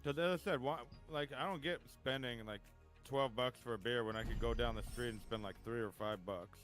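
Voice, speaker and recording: A man's voice: mid-range voice, brisk, fairly bright tone, soft background music. A man chatting casually while gaming, telling a funny story and laughing often as he acts out a friend's lines. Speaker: gaming streamer.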